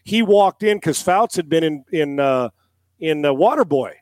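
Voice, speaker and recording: Man, fifties, high-pitched voice, dry close sound, animated storyteller, acts out dialogue. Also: normal speed, no echo. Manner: animated storyteller, acts out quotes, swears casually. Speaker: guest, former NFL quarterback and analyst. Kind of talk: casual storytelling on a podcast.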